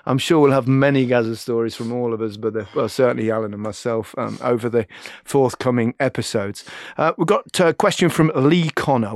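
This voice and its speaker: A man's voice: mid-range voice, a little fast, dry recording, clean studio sound. A middle-aged man hosting a podcast, telling a story in casual chat and laughing often. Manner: lively anecdote-teller, laughs often. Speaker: podcast host.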